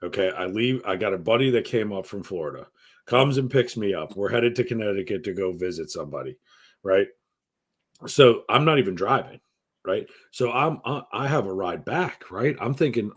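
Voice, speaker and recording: Profane, animated man telling crude stories. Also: lowish voice, normal speed, slightly rough. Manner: profane, animated, acts out quoted voices. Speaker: podcast co-host. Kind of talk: crude casual storytelling.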